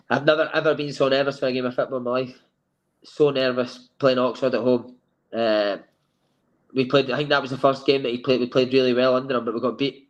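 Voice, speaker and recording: A man with a Scottish accent, a guest telling lively anecdotes and acting out the dialogue in a sofa chat. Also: medium pitch, fairly quick, muffled recording. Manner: lively storyteller who acts out quoted dialogue. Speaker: former footballer guest.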